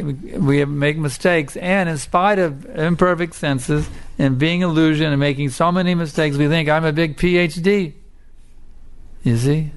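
A man giving a sermon and telling a fable in a colloquial, repetitive way, often checking in with his listeners. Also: fairly high pitch. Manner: colloquial, repetitive, keeps asking "you see?".

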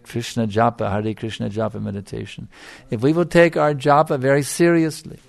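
A man's voice: mid-range voice, flat delivery, moderate pace, gravelly. A middle-aged man giving a devotional lecture as a spiritual teacher, emphatic and repeating his phrases for stress.

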